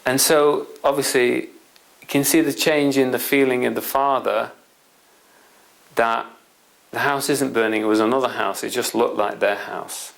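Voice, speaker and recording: Guy rambling through a story to make his point, gravelly voice, middling pitch, lots of asides. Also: fairly even intonation, moderate pace, a bit bright, rough recording. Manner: rambling, anecdotal, many asides to the listener. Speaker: presenter. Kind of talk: explanatory storytelling talk.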